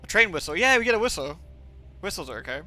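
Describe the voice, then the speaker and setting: A man's voice: sits high, very animated, fast talker, sharp tone, faint music behind. A young man from England rambling and swearing on a livestream, with lots of filler words. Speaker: streamer. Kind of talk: livestream gaming chat.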